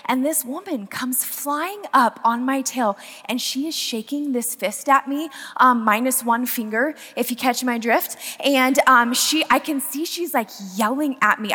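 A young woman giving a casual, storytelling sermon, chatty and animated, full of "like" and "um". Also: high-pitched, slightly rough, in a large hall.

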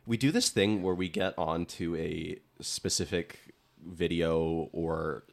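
A young man with a notably low, deep voice chats loosely on a podcast, drifting off topic and breaking into laughter. He tells stories in loose run-on bursts, quoting memes in exaggerated voices. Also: steady tone, slow, gravelly. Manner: rambling, laughs often, quotes memes. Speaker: podcast co-host. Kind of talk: casual chat.

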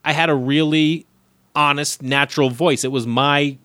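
A comedian guest chats casually about his early years, acting out the voices of the people he quotes and swearing freely. His voice is on the high side, his pace moderate, and the recording dry.

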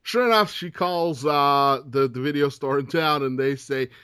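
A man's voice: medium pitch, moderate pace, bright, forceful tone, clear, resonant tone, no room sound. A man co-hosting a podcast, chatting casually with crude jokes and frequent laughter. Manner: crude, joking, laughs often. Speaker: podcast co-host. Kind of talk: casual chat.

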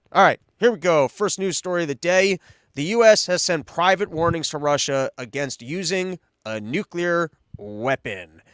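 A man's voice: high voice, a bit bright, clean tone, no echo. A man hosting a podcast, giving rambling, mocking political commentary full of sarcastic asides. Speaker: podcast host.

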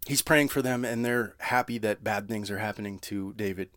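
A man preaching a sermon. He reads scripture slowly, then explains it in casual words with frequent "right?" asides. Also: on the low side, fairly bright tone, no room sound, studio quality. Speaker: pastor.

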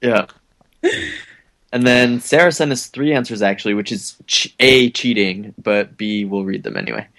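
Male podcast co-host, lowish voice, amused delivery while reading listener mail. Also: moderate pace, fairly bright tone. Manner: laughs often, amused. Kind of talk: reading listener answers in casual chat.

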